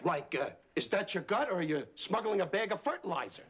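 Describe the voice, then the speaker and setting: A man's voice: high voice, big pitch swings, brisk. An actor playing a brash male late-night talk show host who mocks his sidekick and guests in a sitcom. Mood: sly. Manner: mocking, brash, insulting. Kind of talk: sitcom acting. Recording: sitcom audio with loud audience laughter and noise.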